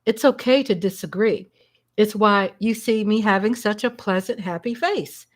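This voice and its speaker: A woman hosting a casual livestream from home, chatty and excitable, breaking into shouts and laughter. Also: medium pitch, moderate pace. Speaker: livestream host.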